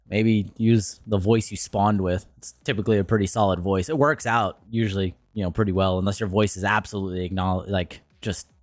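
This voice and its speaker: A man's voice: sits low, dry recording. A young man streaming and commenting casually, ranting in a blunt, profane way.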